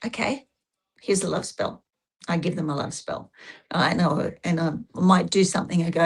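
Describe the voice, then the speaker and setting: A woman's voice: fairly low pitch, moderate pace, slightly rough. A woman interviewed as a guest, talking casually and giving emphatic, anecdotal advice.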